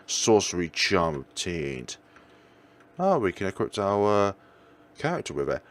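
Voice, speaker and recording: A man's voice: deep voice, big pitch swings, moderate pace, gravelly, soft background music. A man casually commenting on a video game and reading its dialogue aloud. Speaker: let's play gamer.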